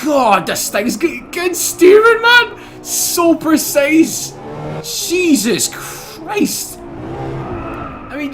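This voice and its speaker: A young Scottish man giving excitable, casual commentary while playing a racing game, swearing and laughing often. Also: a little high. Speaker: gaming YouTuber.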